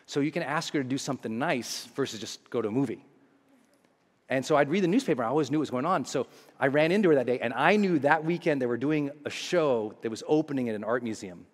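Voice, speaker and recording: A man who works as a motivational speaker tells a personal story to a live audience, acting out scenes with big jumps in his voice. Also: fast. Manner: animated, acts out scenes with big pitch jumps. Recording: echoey hall.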